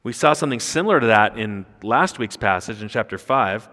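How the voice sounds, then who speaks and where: A male pastor preaching to his congregation from the pulpit, his voice sitting in a middle range. He breaks down a passage verse by verse and lifts his voice forcefully whenever he quotes the text. The sound carries the long reverb of a church hall. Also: medium pitch, fairly quick, few pauses. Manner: emphatic, rising sharply when quoting scripture. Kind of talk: expository sermon. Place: church sanctuary.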